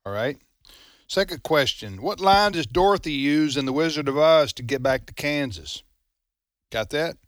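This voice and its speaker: A man's voice: fairly high pitch, expressive, moderate pace, no room sound. Dry-humored male radio host. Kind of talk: casual radio chat.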